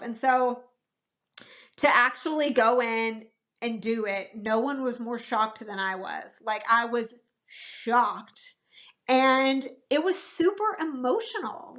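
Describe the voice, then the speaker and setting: High-voiced woman telling an animated story. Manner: animated storyteller, acts out her own past thoughts. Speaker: podcast guest. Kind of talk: casual podcast conversation.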